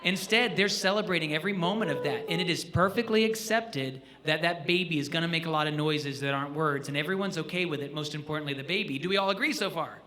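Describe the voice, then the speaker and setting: A man leading a live jazz clinic for students, animated and joking, often asking the audience questions. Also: a little high, fast, hardly any pauses. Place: school auditorium.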